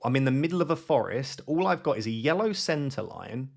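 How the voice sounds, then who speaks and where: A man giving live gameplay commentary, thinking aloud in an excitable, self-questioning way. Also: mid-range voice, fairly quick, creaky. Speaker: gaming YouTuber.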